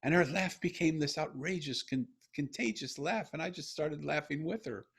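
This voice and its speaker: A man's voice: a little high, normal speed, gravelly, slightly rough. A middle-aged man, a guest author, telling a personal story in a podcast interview in an earnest, heartfelt way with frequent restarts.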